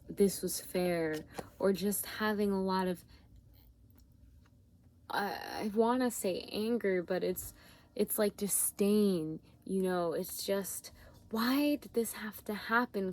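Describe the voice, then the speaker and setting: A tired woman giving a spiritual tarot reading, talking gently with searching, repetitive phrasing and many fillers. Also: on the low side, fairly even intonation, slow. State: yawning, tired. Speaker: tarot reader.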